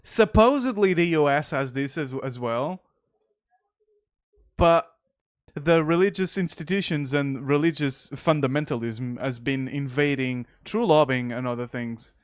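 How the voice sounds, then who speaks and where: A man's voice: medium pitch, unhurried, clear, resonant tone. A man whose first language is Portuguese, reading news aloud and commenting on it in a sarcastic, jokey way and laughing often. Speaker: streamer.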